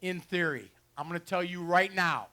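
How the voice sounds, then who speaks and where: Guy running a retriever dog demo at a fair, jokey folksy commentary, highish voice, outdoors on a mic. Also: moderate pace, bright, forceful tone. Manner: joking, folksy. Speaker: dog trainer and show host. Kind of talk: live demonstration commentary. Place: outdoor fair pond with dock. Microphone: handheld or headset mic.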